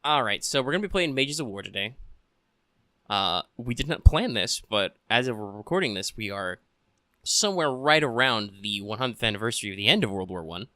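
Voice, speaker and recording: A man's voice: fairly low pitch, a little fast, dry recording, clean studio sound. A man running a tabletop game as game master, casual and joking, with frequent fillers. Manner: relaxed and joking, with many fillers.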